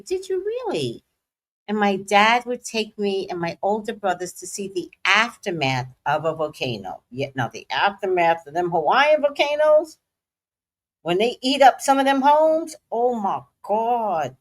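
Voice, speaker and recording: A middle-aged woman hosting a casual livestream, playful and dramatic with slangy asides. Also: medium pitch. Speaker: psychic livestream host.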